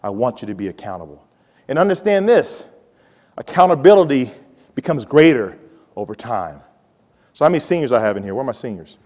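A man in his forties giving a playful, animated motivational talk to students and calling out to the audience. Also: mid-range voice, brisk, long pauses. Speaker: college president giving a talk. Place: large hall with a live audience. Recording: hall reverb.

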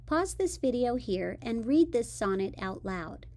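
A woman teacher narrating a scripted lesson in a clear, measured, explanatory way. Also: fairly high pitch, big pitch swings, a little mellow.

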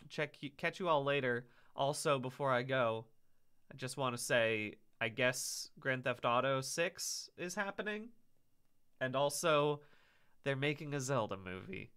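A man's voice: mid-range voice, slow pace, pauses often, sharp tone, clean tone. A man streaming from home, chatting casually to his viewers at the end of a stream and often breaking off mid-sentence. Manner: chatty and self-interrupting, mock-outraged. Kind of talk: casual stream sign-off chat.

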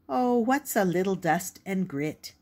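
An older woman voicing a hopeful young male valentine card, raising her voice high and earnest for him in a storybook. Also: animated, measured pace, a little mellow.

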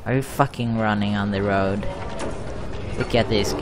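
A man's voice: fairly low pitch, a little slow. A man giving casual gameplay commentary, swearing often in an exasperated way as he plays. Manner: profane, exasperated running commentary. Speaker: gaming video host. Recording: noisy background.

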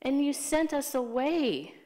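A woman's voice: high voice, lively intonation, slow pace, dark tone, big-room sound, voice pushed up. A woman voicing Isaac, a kind grown man, in a children's Bible story, mild and patient.

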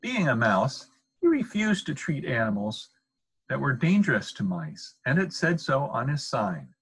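An older man with a husky voice, reading a picture book aloud as a grandfather. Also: medium pitch, huge pitch swings, measured pace, a bit bright, low-quality recording.

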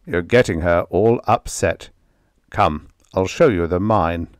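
A man voicing a steady, deferential male mine foreman who speaks plainly and respectfully. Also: low-pitched, slow pace, no room sound, clean studio sound. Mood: matter-of-fact. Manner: plain, respectful, matter-of-fact.

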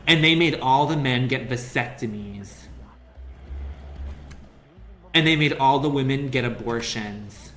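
A man's voice: medium pitch, normal speed, a bit bright, soft background music. A young adult man doing casual, crude, rambling commentary while streaming a game. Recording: roomy echo with faint ambient noise.

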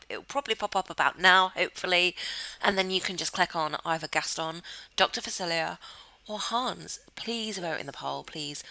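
A woman chatting excitably through Let's Play commentary, giggling often. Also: fairly low pitch, low-quality recording. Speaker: gamer host.

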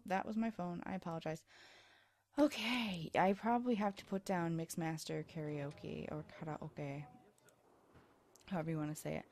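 A woman's voice: sits low, gravelly, a little mellow, slight background noise. Tired, rambling woman narrating a game. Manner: chatty, rambling, self-deprecating. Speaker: let's play host. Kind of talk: casual gameplay commentary. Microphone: USB microphone.

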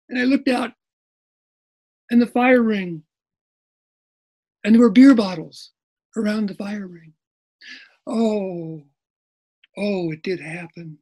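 A man in his sixties from Kentucky, giving an animated storytelling talk over a video call, laughing and acting out his own quotes. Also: very high voice, measured pace, long pauses, low-quality recording. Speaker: presenter.

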